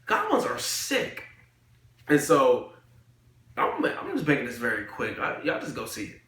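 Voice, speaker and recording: Young male anime reviewer; bright, forceful tone; rambling slangy chat; echoey room. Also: medium pitch, lively intonation, normal speed. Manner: rambling, slangy, filler-heavy. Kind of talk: casual chat. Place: room, recording a video.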